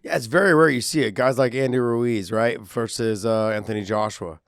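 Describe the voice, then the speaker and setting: Profane ex-fighter telling stories. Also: male voice, medium pitch, steady tone, normal speed, no room sound, clean studio sound. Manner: profane storyteller, acts out quotes. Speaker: podcast co-host, former fighter. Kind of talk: casual chat.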